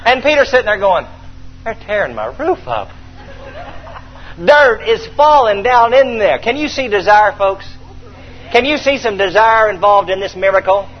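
A man's voice: high-pitched, normal speed, dull audio, slight background noise. A man preaching a sermon, acting out a Bible story and calling on the congregation to respond. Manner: animated storytelling, acting out scenes, calls for response.

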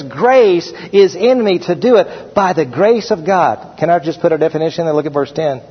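A middle-aged man preaching a sermon as pastor, slowing down and stressing the scripture verses he reads aloud. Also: a little high, expressive, breathy edge. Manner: preaching with slowed, emphatic scripture reading. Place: church sanctuary. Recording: dull, hall-echoed church recording.

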